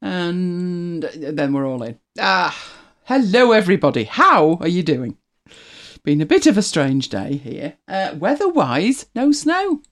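Host, casual chat to viewers, animated pitch, chatty and self-correcting. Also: unhurried. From United Kingdom. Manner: chatty, rambling, self-correcting, laughs often. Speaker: livestream host.

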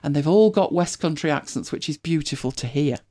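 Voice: medium pitch, lively intonation, fairly quick, warm tone. A host with a British accent, chatting casually and rambling with many restarts. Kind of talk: casual chat.

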